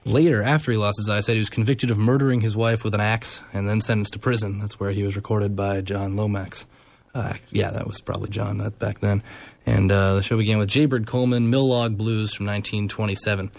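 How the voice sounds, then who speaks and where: A man with a low-pitched voice hosting a radio show. He introduces records casually and often pauses on fillers and restarts. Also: flat delivery, creaky, a little mellow, no room sound. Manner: hesitant, frequent fillers.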